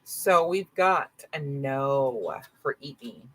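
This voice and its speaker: A woman's voice: rumbling low, lively intonation, takes it slowly, fairly bright tone, low-quality recording. A woman doing a casual live-stream tarot reading, chatty and full of "right?" and "okay?" asides, with dogs barking now and then. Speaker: tarot reader.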